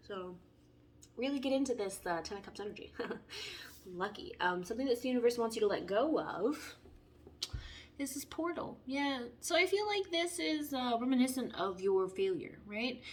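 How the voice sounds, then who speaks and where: A young woman giving a casual, playful tarot reading, chatty and animated as she talks through the cards. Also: fairly high pitch, normal speed, slight background noise. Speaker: tarot reader.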